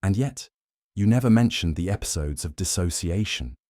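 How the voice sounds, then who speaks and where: Casual: guy doing a shrewd fussy belgian detective, polite and probing, tosses in french bits, low voice, dry close sound. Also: lively intonation, normal speed, darkish tone, no room sound. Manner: courteous, probing, drops French phrases.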